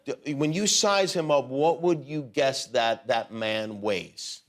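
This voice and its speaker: A man hosting a talk show, asking joking questions with some halting restarts. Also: mid-range voice. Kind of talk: casual chat. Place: TV studio with audience.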